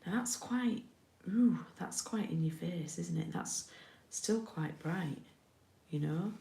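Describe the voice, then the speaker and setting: A woman's voice: fairly low pitch, expressive, slow, vocal fry, dark tone, echoey room. A middle-aged woman from the UK giving a casual card-making tutorial, chatty and often checking in with her viewers.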